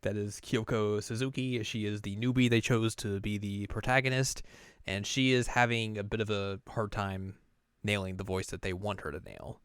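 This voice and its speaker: A man with a low, smooth voice recaps an anime in a loose, rambling way, full of fillers and little acted-out quotes. The recording is close and dry, with no room sound. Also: steady tone, normal speed, a bit bright, no room sound. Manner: rambling, lots of fillers, acts out characters. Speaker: host. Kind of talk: casual anime recap chat.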